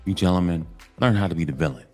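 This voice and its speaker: A man's voice: sits low, fast talker, a little mellow, faint music behind. A man delivering a casual monologue to other men, emphatic and repetitive, in a preachy tone. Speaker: commentary channel host.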